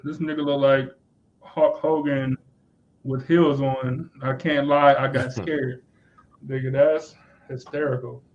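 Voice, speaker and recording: A man's voice: medium pitch, level tone, a little slow, lo-fi sound. A man co-hosting a casual podcast chat, joking and laughing as he reads things out. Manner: laughs often while reading out tweets, loose and joking. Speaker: podcast co-host.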